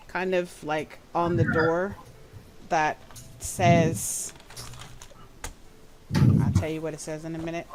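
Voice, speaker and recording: A woman's voice: fairly low pitch, noisy background. A woman, narrating casually as game master with many fillers. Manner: casual, lots of fillers, Southern "y'all".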